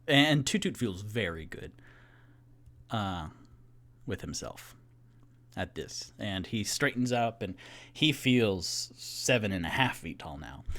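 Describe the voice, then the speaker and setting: A man's voice: lowish voice, a bit bright. A man narrating a tabletop game as game master, rambling with many fillers and self-corrections. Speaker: game master and solo player.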